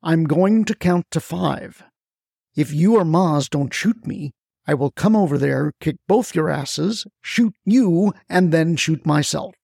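A desperate older man, put on by a gravelly narrator, pitched up and drawn out, agitated and profane. His talk lands in a dry, close space with a rough fry underneath. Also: animated, slow, darkish tone, no echo, exaggerated voice.

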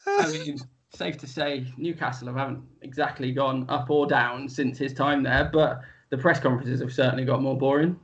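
A man on a chat panel, telling an anecdote in a laid-back, deadpan way. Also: medium pitch, normal speed, lo-fi sound. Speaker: panel guest.

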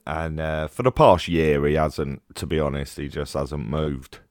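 A Cockney man co-hosts a podcast in easygoing chat. His voice is extremely deep, and the sound is close and dry, with no room around it. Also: measured pace, no echo. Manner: laid-back and blokey. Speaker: podcast co-host.

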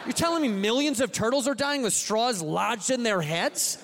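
A man in his late thirties doing a stand-up comedy set, ranting in an exasperated way and swinging loud. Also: extremely high pitch, animated, moderate pace. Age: 30s. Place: theater stage with audience.

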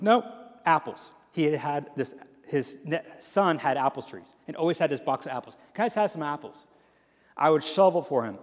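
A man giving a sermon as guest speaker, telling stories and acting out the voices in them. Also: a little high. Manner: animated storytelling with quoted voices. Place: church hall. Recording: long hall reverb.

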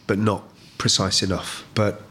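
Thoughtful low-voiced man actor. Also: a little slow, slight background noise. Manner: thoughtful, animated, self-correcting. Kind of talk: interview.

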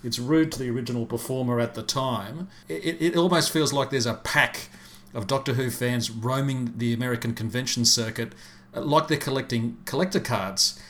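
A man's voice: medium pitch, normal speed, fairly bright tone. A man co-hosting a podcast, giving his views in a blunt, opinionated way. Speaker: podcast co-host. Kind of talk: casual chat.

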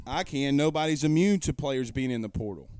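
A man's voice: mid-range voice, expressive, brisk, darkish tone, clean tone. A man hosting a casual sports talk stream from home, arguing his points emphatically with rhetorical questions. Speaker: sports talk show host. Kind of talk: casual live-stream commentary. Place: home room.

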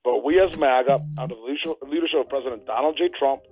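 A man's voice: mid-range voice, quick pace. A man from New Jersey giving heated, emphatic political commentary as a guest. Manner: emphatic, declamatory. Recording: tinny phone line.

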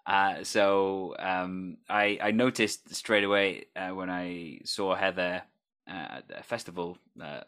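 A man with a deep voice and a forceful, bright edge leads a relaxed interview. He keeps it upbeat and jokey as he asks questions. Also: slow. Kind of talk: casual interview chat.

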